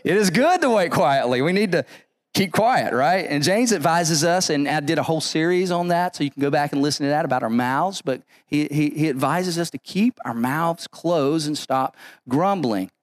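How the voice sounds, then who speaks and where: Male pastor, slightly higher voice, preaching with emphatic repetition and restarts. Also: moderate pace, no echo, clean studio sound. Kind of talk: sermon.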